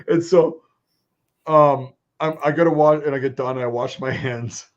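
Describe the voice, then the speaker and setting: A man's voice: medium pitch, moderate pace. A man telling a crude story in casual chat, swearing constantly and laughing often. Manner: animated, laughing, swears a lot. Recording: dull lo-fi sound.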